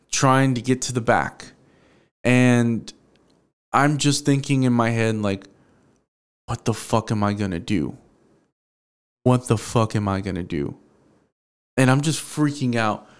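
A man's voice: medium pitch, clean tone. A young man from Houston hosting a solo podcast, telling a personal story in a casual, profane, emotional way. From Houston, Texas. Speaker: podcast host.

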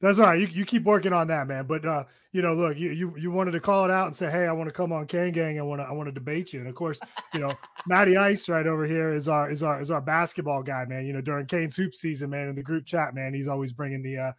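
A man's voice: on the high side, steady tone, fast, fairly bright tone, dry recording, clean studio sound. A man co-hosting a sports radio show in casual chat, laid-back and rambling, peppering his talk with "man" and "you know". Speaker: radio co-host.

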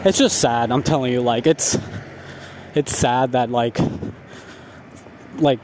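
A man venting in a casual storytime rant, swearing heavily and animated. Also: medium pitch, slow pace, noisy background. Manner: heavy profanity, animated ranting with laughs. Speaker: vlogger.

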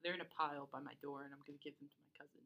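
A young woman co-hosting a podcast, chatting casually and often trailing off into soft murmurs. Her voice sits a little low yet sounds bright. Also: steady tone, rapid-fire, creaky. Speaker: podcast co-host. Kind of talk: casual chat.

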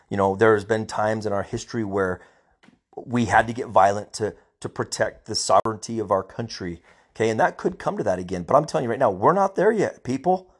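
A middle-aged man, a police officer, ranting angrily on his own podcast, emphatic and repeating himself. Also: on the low side. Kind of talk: personal podcast rant.

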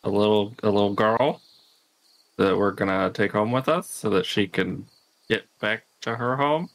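A man's voice: fairly low pitch, normal speed, a bit bright. A man playing a tabletop game, talking in brief, matter-of-fact remarks. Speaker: player. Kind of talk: casual tabletop game play.

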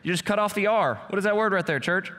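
A young adult male pastor giving a casual, joking sermon in a church hall. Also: fast. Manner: casual, joking preacher, lively swings in pitch. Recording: echoey church hall with music.

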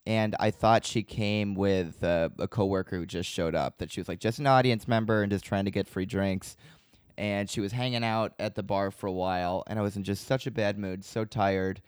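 A man's voice: lowish voice, fairly even intonation, moderate pace, clean tone, no echo, clean studio sound. A man in casual conversation, telling a story about work behind a bar and acting out his own lines. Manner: storytelling, acts out quotes in a raised voice. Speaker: bartender at a comedy club. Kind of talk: casual podcast chat.

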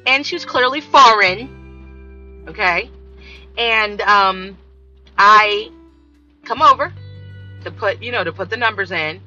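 Woman vlogging, really bright edgy voice, does all the voices in her story, dull lo-fi sound w faint music. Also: mid-range voice, lively intonation, takes it slowly, pauses often. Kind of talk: casual storytelling monologue.

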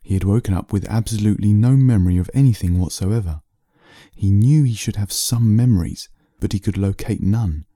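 A man reading a bedtime story aloud in a slow, soothing narration. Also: on the low side, mellow, no room sound, studio quality.

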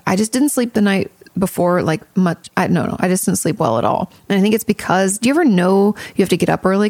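A woman's voice: medium pitch, vocal fry, darkish tone, no room sound. A woman podcast host and therapist giving candid, chatty advice and swearing casually.

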